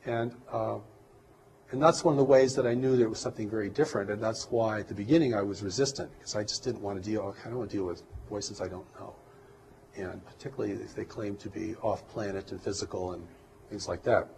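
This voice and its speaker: Measured, soft-spoken man being interviewed. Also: fairly low pitch, steady tone, creaky, background noise. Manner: measured, hesitant, with many restarts and fillers. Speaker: interview guest. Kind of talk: earnest reflective interview talk.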